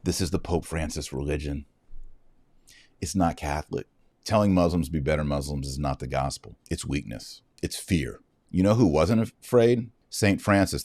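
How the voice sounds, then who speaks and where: A middle-aged man hosting a podcast, telling a story in a lively way and acting out the quoted dialogue. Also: low voice, no echo, studio quality. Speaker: podcast host. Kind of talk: casual commentary monologue.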